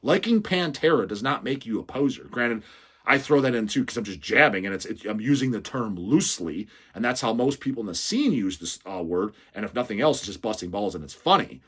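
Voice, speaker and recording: A man hosting a casual question-and-answer segment for his metal channel, cursing almost every sentence. He reads viewer messages aloud and tears into them with blunt, mocking humor, his pitch jumping up and down as he goes. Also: expressive, fairly quick, a bit bright, slightly rough. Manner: swears constantly, mocking and blunt. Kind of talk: casual profane Q&A rant.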